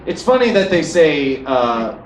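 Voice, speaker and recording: Slow, playful male talk show host. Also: fairly high pitch, big pitch swings, slight background noise. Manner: playful, teasing. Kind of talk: casual comedic banter. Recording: echoey room from a distance, with music.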